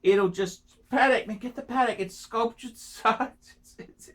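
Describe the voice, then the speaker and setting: Guy ranting watch advice, high sharp voice, keeps begging and repeating himself, crude jokes. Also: moderate pace, hardly any pauses. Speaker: watch vlogger giving advice. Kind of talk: casual advice rant.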